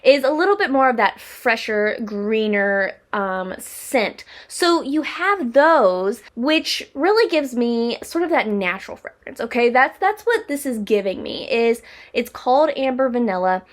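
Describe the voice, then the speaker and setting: A young woman talks through a perfume review in a loose, rambling way, full of "like" and restarts. Her voice sits a little high for a woman. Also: animated, a little slow. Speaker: perfume reviewer, channel host. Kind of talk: casual product review vlog.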